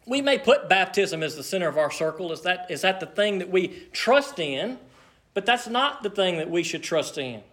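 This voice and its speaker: A man preaching from the pulpit in a high, bright voice. He drives his points home emphatically, slowing into deliberate pauses for weight. The delivery is a pastor's sermon. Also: very animated.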